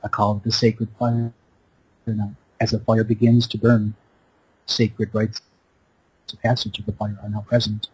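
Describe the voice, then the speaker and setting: A man's voice: on the low side, monotone, measured pace, pauses often, darkish tone, breathy edge, no room sound, rough recording. A man hosting a show over a call, giving an impassioned spiritual monologue in a repetitive, incantatory preaching cadence. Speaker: radio show host. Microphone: Skype call.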